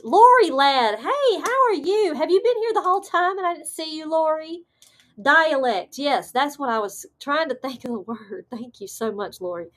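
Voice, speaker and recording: A woman's voice: high-pitched, a bit bright. A woman with a Southern American accent hosting a live stream, chatting casually and easily breaking into laughter. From Southern United States. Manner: laid-back, chatty, laughs easily, many fillers. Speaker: host of a live paranormal stream. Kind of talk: casual chat reading live comments.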